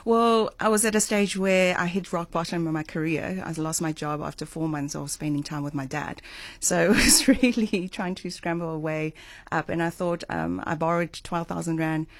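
A woman's voice: lowish voice, normal speed, dry recording. A woman, a business owner, telling her story as a guest in a radio studio. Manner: earnest storytelling with light laughs. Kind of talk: radio interview.

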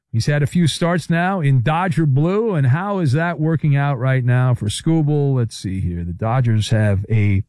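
A male sports radio host talks in a lively, emphatic way, his voice sitting a little high. The sound is close and dry. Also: no room sound. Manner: animated, emphatic, sometimes yelling. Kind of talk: casual sports talk with live-read ad.

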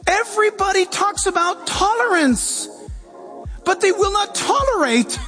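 Animated male preacher, loud bits then quiet asides, high voice. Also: a little slow, long reverb tail, faint music behind. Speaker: pastor. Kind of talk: sermon.

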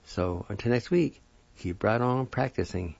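Male language teacher, unhurried, drills syllables one by one, muffled lo-fi sound. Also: medium pitch, gravelly, a little mellow, no room sound. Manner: spells words out and sounds syllables slowly. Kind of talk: slow spelling and pronunciation lesson. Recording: dull lo-fi recording.

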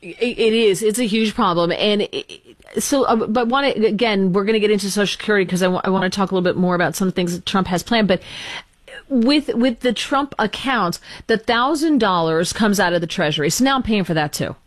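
A woman hosting a talk radio show, talking quickly in a chatty, exasperated way. She pokes fun at herself as she complains. Her voice sits dry and close with no room around it. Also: mid-range voice, dry recording. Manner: chatty, exasperated, self-deprecating.

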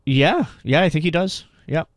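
A man co-hosting a casual sports radio show, chatty and quick to laugh, often repeating words as he starts a thought. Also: a little high, animated, no room sound.

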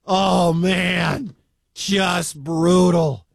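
A man calling a live game on the radio as play-by-play commentator, excitable and breaking into shouts at big plays, from a stadium booth. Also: high voice, drawn-out words, gravelly, slightly rough, no room sound.

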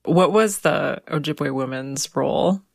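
A woman's voice: low-pitched, measured pace, creaky, no echo, clean studio sound. A woman hosting an interview, asking curious, encouraging questions. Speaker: interviewer, host.

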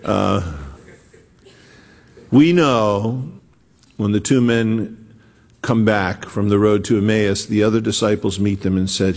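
Brief: low, gravelly male pastor, unhurried and chatty, with long hall reverb. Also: steady tone, darkish tone. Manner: conversational, digressive, slow and deliberate. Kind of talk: sermon.

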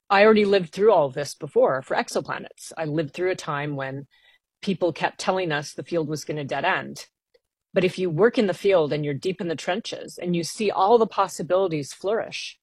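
A woman's voice: on the low side, moderate pace, husky, dry recording. A woman scientist, a guest on a radio interview, explaining her work at length with earnest enthusiasm.

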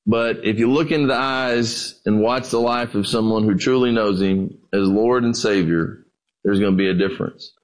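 A middle-aged man preaching a sermon, telling stories and talking to his listeners as "guys" in a relaxed, conversational way. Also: lowish voice, normal speed. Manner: storytelling with acted quotes, conversational asides to "guys". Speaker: pastor.

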